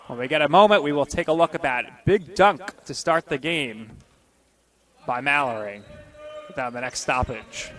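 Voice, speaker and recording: Bright-voiced man calling basketball play-by-play. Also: medium pitch. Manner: rapid-fire calls, bursts of excitement on scores. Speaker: play-by-play announcer. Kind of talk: live basketball play-by-play commentary.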